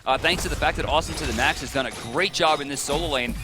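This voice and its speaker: A man casting a live esports match, giving quick play-by-play and analysis that gets excited on big plays. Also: fairly high pitch, music in the background. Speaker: esports caster.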